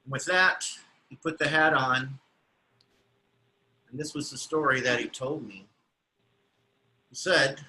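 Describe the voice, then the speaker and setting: A man's voice: medium pitch, takes it slowly, long pauses, bright, forceful tone, poor audio. A man telling a story at a storytelling swap, in a plain narrating tone. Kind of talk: storytelling performance.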